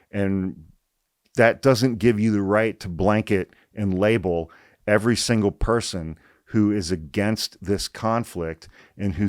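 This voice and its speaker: Reading an article aloud on his political podcast, the host is blunt and heated, cursing frequently and hammering his points through repetition. His voice is on the low side, recorded cleanly in a studio with no echo.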